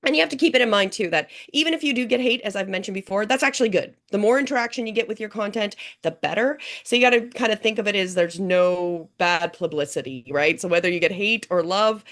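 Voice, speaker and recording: Woman host, mid-pitched, upbeat coaching tone, keeps asking "right?". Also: fairly quick, hardly any pauses, a bit bright. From Canada. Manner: motivational, keeps checking in with "right?". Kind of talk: casual group discussion.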